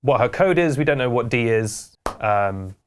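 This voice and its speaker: A man's voice: medium pitch, moderate pace, background noise. Wry man hosting a vlog. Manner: wry, deadpan asides. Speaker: host. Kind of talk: comedic internet news vlog.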